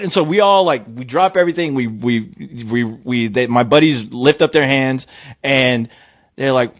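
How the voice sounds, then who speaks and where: A man co-hosting a podcast, telling a story in casual chat, swearing and breaking into shouted impressions. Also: medium pitch, fairly quick, no room sound. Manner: animated, swearing, jumps into loud shouted impressions of people. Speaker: podcast co-host. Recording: dry, dull lo-fi audio.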